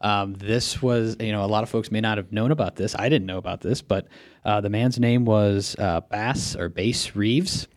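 A man's voice: lowish voice, steady tone, brisk, no room sound. A man co-hosting a casual film podcast, speaking thoughtfully and hesitantly with many fillers. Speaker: podcast co-host.

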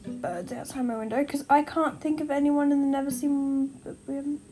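A woman's voice: high voice, steady tone, fairly quick, mellow, a little hiss or hum, poor audio. A young woman hosting a casual fan-theory podcast, rambling and correcting herself, recorded at home by a window. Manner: rambling, self-correcting, giggly. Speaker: podcast host.

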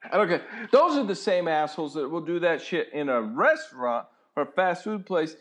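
A man with a fairly high, lively voice reacts in casual chat, laughing along and cutting in with blunt, profane comments. His delivery is quick and plainspoken. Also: a little hiss or hum.

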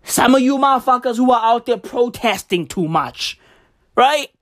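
A woman's voice: a little high, animated, moderate pace. A woman delivering a satirical comedic rant, sarcastic and profane, who keeps tossing in "right?".

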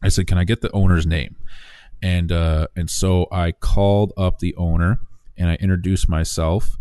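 A man casually telling the story of buying a business, animated, acting out quoted dialogue with restarts. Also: low voice, moderate pace, clear, resonant tone, no echo. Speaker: small business owner telling his story.

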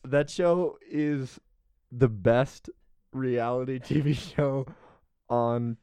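A man's voice: medium pitch, drawn-out words, warm tone, clear, resonant tone, no echo. Laughing young man, dry close mic. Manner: laughs often, playful, puts on southern accents for jokes. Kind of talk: casual podcast chat. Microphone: close studio mic.

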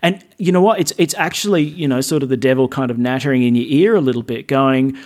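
A man's voice: mid-range voice, fast talker, darkish tone. A man with an Australian accent, a Catholic priest speaking as a podcast guest in casual chat, earnest and witty, often repeating phrases for emphasis.

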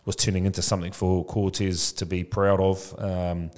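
A man of about forty with a low, deep voice speaks as a podcast guest. He talks loosely and frankly, dropping "bro" into nearly every thought. His delivery is reflective and open. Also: level tone, moderate pace, a little mellow. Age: 40s. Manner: casual, says "bro" often, frank and reflective. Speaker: podcast guest, childcare business founder. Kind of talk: candid conversational interview.

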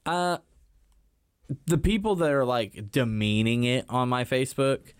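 A man's voice: mid-range voice, animated, a little slow, clean tone, no room sound. A man in a mid-range voice co-hosts a casual movie podcast. He is blunt and emphatic, with plenty of swearing. The sound is close and dry, with no room around it. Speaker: podcast co-host. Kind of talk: casual movie review chat.

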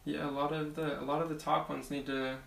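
A man co-hosting a casual podcast chat, joking, laughing and slipping into quick impressions. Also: fairly high pitch, flat delivery, vocal fry, a bit bright, roomy sound, distant mic, slight background noise. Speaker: podcast co-host.

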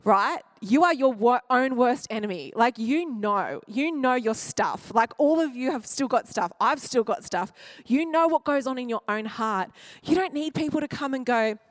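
A woman's voice: on the high side, animated, moderate pace, no room sound. A woman pastor preaching a sermon with emotion, acting out quoted voices and dropping to a near-whisper at tender moments.

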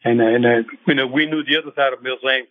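An older man, a retired boxing referee, speaking as a radio show guest and recalling things in a halting way with many fillers and restarts. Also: medium pitch, steady tone. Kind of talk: phone-in radio interview. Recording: tinny phone line.

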